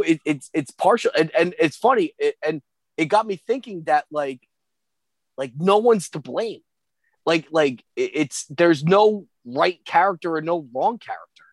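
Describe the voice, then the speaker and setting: Co-host, fairly high male voice, dry close sound; rambly, repeats himself, swears. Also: no echo. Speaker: podcast co-host. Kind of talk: casual film discussion.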